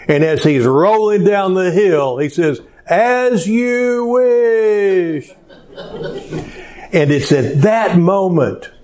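A man preaching a sermon in a slow, conversational way, pausing often with fillers. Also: on the high side, a little mellow. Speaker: pastor.

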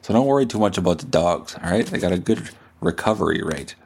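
A man with a lowish voice riffs through a profane, jokey comedic monologue, his pitch leaping around animatedly. He rambles loosely from one bit to the next like a podcast host. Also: expressive, fast, vocal fry, a little mellow, slight background noise. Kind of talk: comedic monologue and prank-style phone call.

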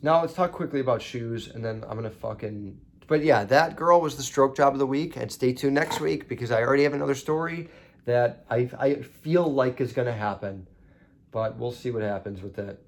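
A man's voice: mid-range voice, normal speed. A young man telling a story as a podcast host, casual and profane, rising into indignant ranting.

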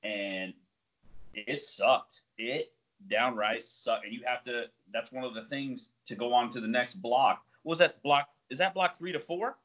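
A man's voice: mid-range voice, a little slow, a bit bright. Guy telling a funny story, acts out the voices, laughs a lot, kinda dull lo-fi sound. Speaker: podcast co-host. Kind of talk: casual storytelling chat. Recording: dull lo-fi audio.

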